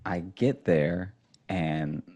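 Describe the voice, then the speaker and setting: A man's voice: deep voice, drawn-out words. A man telling a funny story in a casual chat, acting out his phone call and laughing as he goes. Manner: animated storytelling, acts out phone calls, laughs often. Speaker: storyteller on a podcast.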